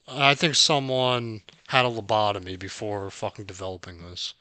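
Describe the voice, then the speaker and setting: A young man hosting a gaming channel, calmly recapping his trophy hunt, then ranting and swearing angrily at the game's controls. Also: medium pitch, measured pace, dry recording, poor audio. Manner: swears heavily and rants when frustrated; calm, dry recap narration. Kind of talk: recapping gameplay with a raging clip.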